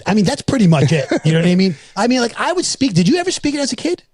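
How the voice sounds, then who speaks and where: New guy in his 40s, kinda high voice, rambly and swearing a lot, dry sound. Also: very animated, very fast, a little mellow, no echo. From New York. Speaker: podcast co-host. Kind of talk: casual chat.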